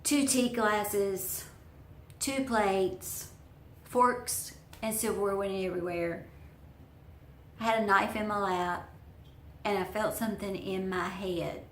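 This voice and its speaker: A woman's voice: mid-range voice, takes it slowly, pauses often, reverberant, slight background noise. A woman telling a personal story to her viewers in a chatty, folksy way. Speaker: vlogger. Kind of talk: storytelling vlog.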